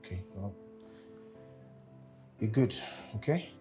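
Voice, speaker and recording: A calm, measured Nigerian boss. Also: male voice, over music. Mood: concerned. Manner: calm, measured, low-key. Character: reserved man, a caring boss. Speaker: boss and brother. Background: film score.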